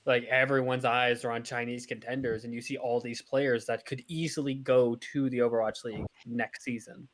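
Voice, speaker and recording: A man co-hosting a casual esports podcast, explaining in a relaxed way. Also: medium pitch, moderate pace, few pauses, a little hiss or hum. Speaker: podcast co-host.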